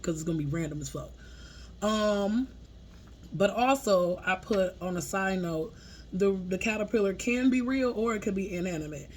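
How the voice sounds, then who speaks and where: A woman's voice: mid-range voice, lively intonation, normal speed, a little mellow, a little hiss or hum. A woman sharing channeled spiritual messages in a loose, chatty way, laughing often and swearing casually as she talks through her notes.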